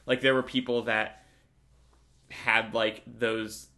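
Brief: young male host from Connecticut, mid-pitched, chatty and rambling, filler-heavy delivery. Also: little pitch movement, takes it slowly, bright, forceful tone. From Connecticut, USA. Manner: rambling, many "like" fillers, restarts. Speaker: podcast host. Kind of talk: casual chat.

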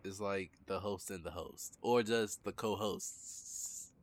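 A man's voice: fairly even intonation, takes it slowly, a little hiss or hum. A man from Maryland with a slight lisp and a light Maryland accent, co-hosting a casual podcast in playful banter. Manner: playful, jumps high when surprised. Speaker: podcast host.

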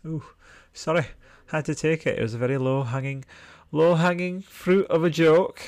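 This podcast host's voice is a little high and slightly mellow, moving at normal speed with no room sound. Sounding tired, he reads viewer comments on his livestream in a rambling, chatty way, swearing freely into a desktop mic with headphones.

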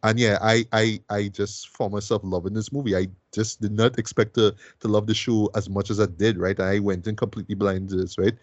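A man's voice: on the low side, little pitch movement, fairly quick, hardly any pauses, no echo. A man hosting a film review podcast, talking eagerly and tagging lines with "right?" and "boy". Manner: enthusiastic, many fillers like "right?" and "boy". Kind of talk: casual film review chat.

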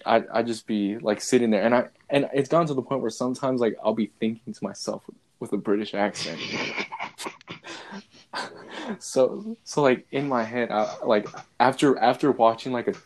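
A man's voice: mid-range voice, a little fast, few pauses, darkish tone. Young man rambling in casual chat. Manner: rambling, filler-heavy, restarts a lot; laughs often, playful.

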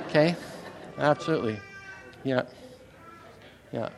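A middle-aged man from Canada gives a Sunday sermon at an ordinary mid-range pitch. He talks to the congregation in a loose, chatty way. He restarts phrases and often pauses to ask whether they're following. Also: animated, slight background noise. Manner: conversational, repeats words, checks in with "okay?". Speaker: pastor.

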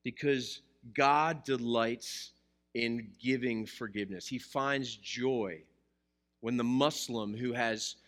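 A man's voice: mid-range voice, takes it slowly, fairly bright tone. A man preaching a sermon to a live congregation in a church, mixing scripture with jokes and questions to the listeners. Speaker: pastor.

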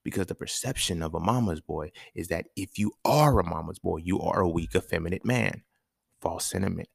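Speaking fairly quickly in a deep, gravelly, husky voice, a man hosts a podcast with an emphatic, slang-heavy, profane monologue, frequently addressing his listeners. The sound is clean studio quality with no echo.

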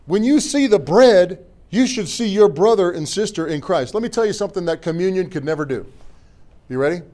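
A middle-aged man preaching a sermon as pastor in a church, animated and joking with the congregation between scripture readings. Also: sits high, fairly quick. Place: church sanctuary.

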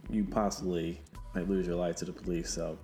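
A man's voice: deep voice, level tone, a little fast, mellow, soft background music. A man co-hosting a podcast, reflecting in casual chat with joking asides. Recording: echoey room.

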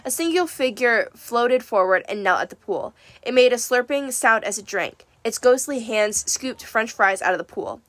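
A woman narrating a first-person story in a wry, lively way. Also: on the high side, moderate pace, few pauses, no echo. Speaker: audiobook narrator.

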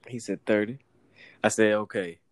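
A man's voice: mid-range voice, normal speed, no room sound. A man, casually telling a story, acting out the people in it and laughing often. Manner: animated, acts out voices in anecdotes, laughs often.

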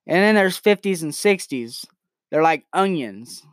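A man's voice: on the high side, expressive, unhurried, dry recording, clean studio sound. A nineteen-year-old man telling crude jokes and rambling on a casual comedy podcast from his bedroom. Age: late teens. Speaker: podcast host.

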